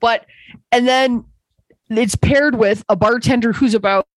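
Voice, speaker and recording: A woman's voice: fairly high pitch, unhurried, no room sound, low-quality recording. A woman comedian in a casual podcast chat, telling stories with swearing and acted-out exchanges. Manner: animated storytelling, swearing, acting out exchanges. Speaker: comedian guest.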